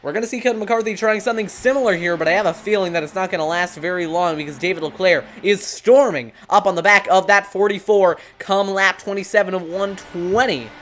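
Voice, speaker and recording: This is a lead commentator on an online sim racing broadcast who calls the race play-by-play. The delivery is brisk and steady, reeling off driver names, positions and corners, and the pitch sits in a middling range. It sounds like a headset mic on a remote call. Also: slight background noise.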